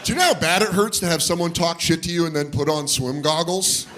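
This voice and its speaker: A man hosting a podcast, telling comedic stories in casual chat and jumping into loud impressions of other people. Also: fairly high pitch, fast, noisy background. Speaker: podcast host.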